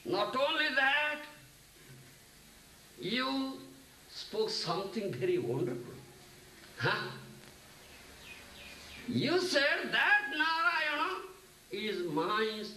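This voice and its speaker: A man voicing a fond, humble old village father who gently chides a boy, with pleading, tender and teasing turns. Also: high voice, exaggerated voice. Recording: echoey hall, distant mic, faint hiss.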